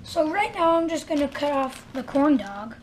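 A woman hosting a casual toy unboxing, chatty and excited as she narrates each step aloud. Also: high voice, moderate pace, a little hiss or hum. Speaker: unboxing channel host.

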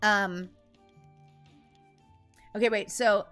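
A young woman streaming a video game, chatting casually and greeting her chat by name in an animated, jumpy way. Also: medium pitch, extremely slow, soft background music.

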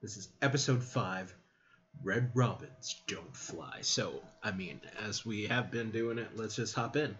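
A man's voice: on the low side, measured pace, fairly bright tone, muffled recording. Chatty man reacting to a cartoon. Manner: chatty, laughs along with the clips. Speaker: reaction video host. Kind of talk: casual reaction commentary. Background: cartoon episode audio playing.

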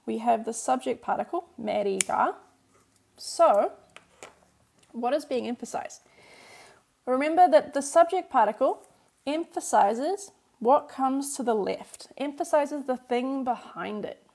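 A woman's voice: high voice, lively intonation, a little slow, creaky, darkish tone. A woman teaching grammar on a live stream, explaining patiently and repeating points in new words while answering viewers. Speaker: Korean language teacher. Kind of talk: live-streamed workbook lesson.

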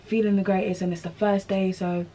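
A woman's voice: medium pitch, a little fast, a little hiss or hum. Chatty young woman. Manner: chatty, animated, slangy, talks to viewers as sis. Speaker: beauty vlogger. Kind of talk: casual chat while installing a wig.

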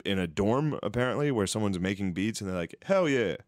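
A man co-hosting a casual podcast, telling crude jokes and stories and breaking into squeaky impressions. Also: expressive, quick pace, no room sound, studio quality. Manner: crude, joking storyteller who mimics people in high squeaky voices. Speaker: podcast co-host.

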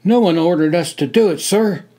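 A man voicing an eager, kind young male army trainee who speaks softly. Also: on the high side, normal speed, pitched above the performer's own voice, close to an everyday voice. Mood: earnest. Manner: kind, soft-spoken.

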